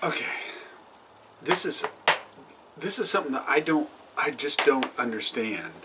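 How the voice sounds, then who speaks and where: A man's voice: mid-range voice, big pitch swings, measured pace, recorded from a distance, very noisy. A man co-hosting a casual chat over drinks, teasing and laughing often. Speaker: podcast co-host.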